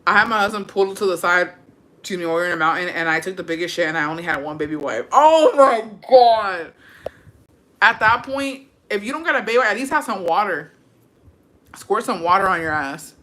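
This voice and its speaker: Loud-mouthed woman telling stories on a livestream, cussing nonstop, flips between english and spanish, bright edgy voice. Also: fairly low pitch, fast. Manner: brash, profane, animated storytelling. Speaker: livestreamer reading viewer comments. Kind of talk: casual chat.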